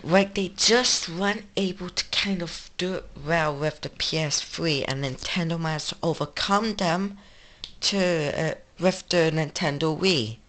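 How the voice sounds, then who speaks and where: A woman's voice: fairly low pitch, measured pace, a bit bright. A woman with an English accent hosting a casual gaming retrospective, rambling and correcting herself as she goes. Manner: rambling, self-correcting, offhand. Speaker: video game channel host.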